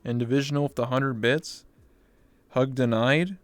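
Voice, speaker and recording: Smooth-voiced young man, excitable streamer. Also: medium pitch, normal speed. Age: 20s. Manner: excitable, swears casually, repeats thanks. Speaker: VR chat streamer. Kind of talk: casual livestream chat.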